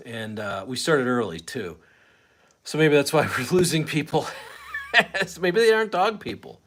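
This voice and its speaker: A man's voice: fairly high pitch, sing-song, fairly quick, fairly bright tone, a little hiss or hum. A man hosting a casual live stream from his home, rambling and chatting with viewers and his dog, at times out of breath. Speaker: host of a live fan stream.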